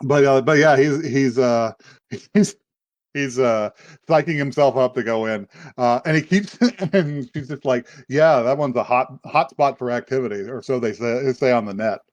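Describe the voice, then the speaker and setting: A man's voice: mid-range voice, unhurried, a little mellow. A man hosting a podcast, casually recapping an anime in a rambling way, swearing and acting out the characters' lines. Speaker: podcast host.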